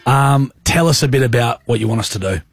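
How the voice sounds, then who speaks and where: A man's voice: mid-range voice, brisk, vocal fry, husky, dry recording. An Australian man hosting a radio show, joking and slangy in casual banter. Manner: lively, slangy, jokey. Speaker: radio host. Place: radio studio.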